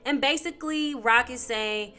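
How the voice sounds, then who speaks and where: A woman hosting a casual TV episode recap, talking in a chatty, slangy, animated storytelling way. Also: on the high side, normal speed, soft background music. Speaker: TV recap host.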